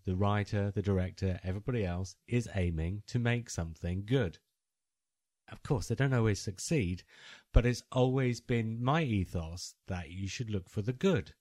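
A man's voice: on the low side, normal speed, a little mellow, no echo, studio quality. A man from England hosting a casual podcast, reading a listener's email aloud and slipping into silly character voices.

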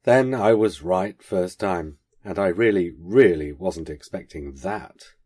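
A man reading aloud, putting on an eccentric, posh male stranger who rattles off rapid, clipped questions and answers them himself. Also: low voice, dark tone, breathy edge, heavily acted. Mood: sharp.

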